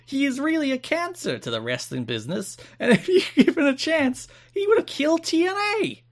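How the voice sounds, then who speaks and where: A man putting on a New Jersey accent to voice an excitable male wrestling fan reading his own fan letter aloud, gushing and loud. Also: very high-pitched, a little fast, pitched above the performer's own voice, heavily acted. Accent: put-on New Jersey.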